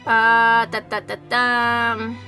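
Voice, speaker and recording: A woman with a high, bright voice streams from her home setup and reacts to a game with loud disbelief. Her talk is animated and exasperated, full of casual swearing. Soft music plays low behind her. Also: slow. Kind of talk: casual livestream chat over a game.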